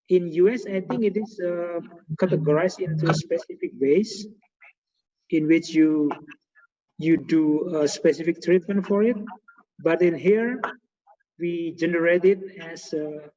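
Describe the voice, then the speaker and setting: Halting Indonesian-accented man on a muffled call. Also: on the high side, mellow. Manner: halting, many fillers and repeated words. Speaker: host of a guest lecture webinar. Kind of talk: hesitant conversational English on a video call. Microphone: video call. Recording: echoey, muffled video call audio.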